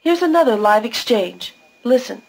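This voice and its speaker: A woman's voice: fairly high pitch, lively intonation, normal speed, gravelly, slightly rough, poor audio. A woman giving scripted narration for a language course, patiently explaining pronunciation step by step.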